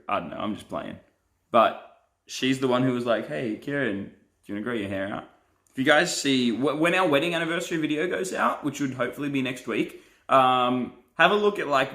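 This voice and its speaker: A man's voice: mid-range voice, bright, forceful tone. A young man, a pastor and live streamer, chatting casually and playfully as he reads viewer comments and laughs often.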